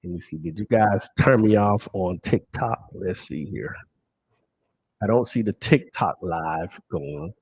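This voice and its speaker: A man's voice: deep voice, a little slow, darkish tone, slightly rough. A man hosting a live stream and walking viewers through a screen, emphatic and asking himself questions he then answers. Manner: emphatic, asks and answers his own questions. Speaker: lottery stream host.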